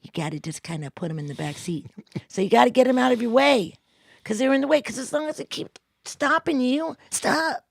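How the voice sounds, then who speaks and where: A woman co-hosting a live video call, giving a spontaneous motivational talk, animated and often dropping to a hushed, intense tone. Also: sits high, a little fast, gravelly, no room sound, studio quality. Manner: animated, acts out inner voices, drops to hushed intensity. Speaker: co-host, spiritual coach.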